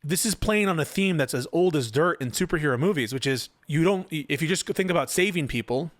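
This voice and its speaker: A man's voice: fairly high pitch, lively intonation, fairly quick, no room sound. A male commentator giving reaction commentary, rebutting a written post point by point with incredulous, sarcastic remarks. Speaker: political commentator.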